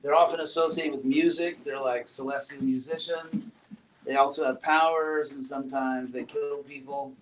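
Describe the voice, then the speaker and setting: A man giving a relaxed classroom talk, asking his students questions and adding playful asides. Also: mid-range voice, normal speed. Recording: roomy echo, far from mic, faint noise.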